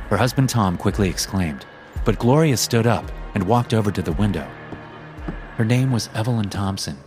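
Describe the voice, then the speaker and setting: A man narrating a scripted horror story for a podcast, dramatic and acting out the lines. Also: lowish voice. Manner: dramatic, acts out quoted lines.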